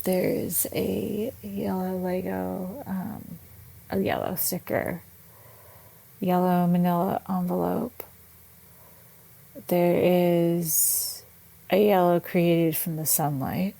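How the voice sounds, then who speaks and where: Low gravelly woman, halting speech. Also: level tone, warm tone, no room sound. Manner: halting, slow while listing, giggly. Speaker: coaching client. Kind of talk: casual chat.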